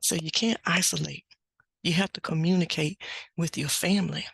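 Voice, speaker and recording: A middle-aged woman hosting a podcast, telling a family story in an unhurried, plain-spoken way. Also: on the low side, steady tone, creaky, a bit bright, breathy edge, no room sound. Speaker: podcast host. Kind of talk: casual spoken reflection.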